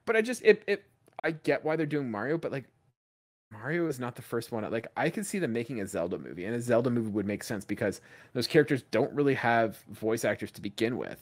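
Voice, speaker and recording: A man's voice: mid-range voice, quick pace. A man co-hosting a gaming podcast, chatting casually with lots of fillers. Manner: animated, excitable, loose with fillers. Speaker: podcast co-host. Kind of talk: casual chat.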